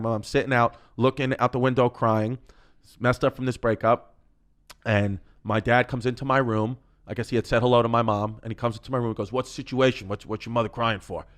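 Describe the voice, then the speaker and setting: Laughing storyteller man on a podcast. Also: mid-range voice. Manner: animated, swearing, breaks into laughter. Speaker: comedian.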